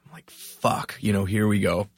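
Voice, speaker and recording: A man with a low voice recounts a story from the road in easygoing talk. He slips into the voices of the people he meets as he tells it. The sound is dry and close, with no room around it. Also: moderate pace, husky, no room sound. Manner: animated storyteller, acts out quoted voices. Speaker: touring musician guest. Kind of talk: casual storytelling.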